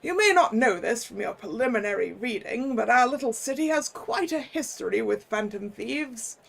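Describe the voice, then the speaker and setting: A streamer voicing a jolly elderly male museum curator who speaks in a genteel, grandfatherly way, with some gravel in the voice. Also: very high-pitched, lively intonation, moderate pace, a bit bright, heavily acted. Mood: jovial. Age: older. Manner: jovial, grandfatherly.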